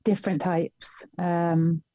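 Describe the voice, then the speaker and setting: A woman's voice: fairly low pitch, flat delivery, takes it slowly, dark tone, no echo. A woman from the United Kingdom, a fighter guest, giving short, hesitant answers full of fillers over a video call.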